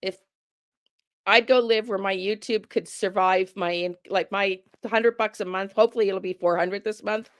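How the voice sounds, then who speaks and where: A woman's voice: mid-range voice, steady tone, moderate pace, smooth, no room sound. A middle-aged woman ranting with heavy profanity while chatting with viewers on her livestream. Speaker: true crime tarot livestreamer. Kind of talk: casual livestream talk with chat.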